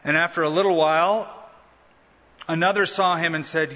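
A man's voice: fairly high pitch, unhurried, sharp tone. A man preaching a sermon, teaching in a conversational way with rhetorical questions and humorous asides. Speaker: pastor. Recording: dull lo-fi sound with long hall reverb.

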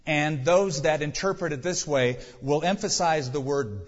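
A man preaching a sermon, working through numbered points with rhetorical questions and sudden bursts of emphasis. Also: a little slow. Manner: sudden rises in pitch and volume for emphasis. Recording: long hall reverb, dull lo-fi sound.

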